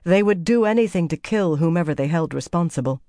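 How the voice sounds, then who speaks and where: Audiobook narrator, measured and even, dry close recording, mid pitch. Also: no echo. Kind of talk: scripted fantasy narration.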